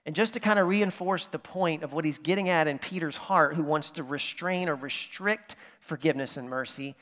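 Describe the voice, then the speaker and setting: A man's voice: on the high side, normal speed, a bit bright, in a large hall. A man pastor delivering a sermon in a conversational way, often checking in with "right?". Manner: conversational preaching with asides like "right?". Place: church sanctuary.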